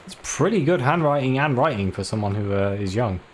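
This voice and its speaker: A man's voice: mid-range voice, expressive, brisk, a little hiss or hum. A man giving let's play commentary, chatty and self-deprecating, reading notes aloud as he explores. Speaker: video game player.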